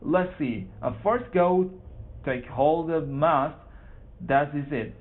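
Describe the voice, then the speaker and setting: A man reading as an eager sailing skipper. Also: on the high side. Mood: excited. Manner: halting reading, excited shouts. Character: eager middle-aged male sailor, boat skipper. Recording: tinny phone-like sound.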